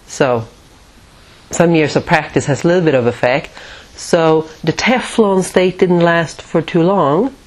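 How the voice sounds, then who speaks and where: A woman's voice: lowish voice, a little mellow. A woman teaching at a retreat, telling a personal story in a reflective way and often laughing at herself.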